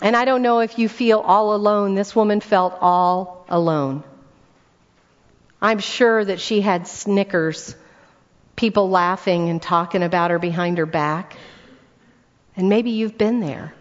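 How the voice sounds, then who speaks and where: A woman's voice: mid-range voice, measured pace. A woman preaching a sermon to a congregation, telling stories, asking the room rhetorical questions and repeating words for emphasis. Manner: storytelling with rhetorical questions to the audience. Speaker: speaker at a church weekend event. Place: church hall before a congregation. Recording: dull recording in a reverberant hall.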